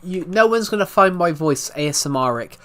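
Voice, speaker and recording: A British man chatting on a live stream, his voice thick and a little worn from being under the weather. He talks calmly and evenly, often restarting his sentences, in a fairly high voice for a man. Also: a little fast. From United Kingdom. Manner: calm, even talking with frequent restarts. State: slightly ill, thick voice. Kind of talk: casual live stream chat.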